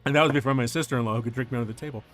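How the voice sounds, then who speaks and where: A man's voice: mid-range voice, very fast, soft background music. A middle-aged man chatting casually on a stream, telling a story and laughing often. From United States. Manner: animated, laughs often, acts out quoted voices.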